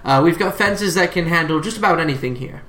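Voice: medium pitch, quick pace, a bit bright, a little hiss or hum, natural voice. A game master voicing a male quartermaster who deals in stolen goods, talking hesitantly with many fillers. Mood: businesslike. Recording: roomy echo.

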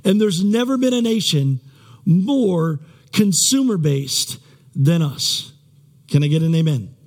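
A man's voice: a little high, animated, slow, darkish tone. A male pastor preaching a sermon in a conversational, rambling way, with many restarts and self-deprecating asides.

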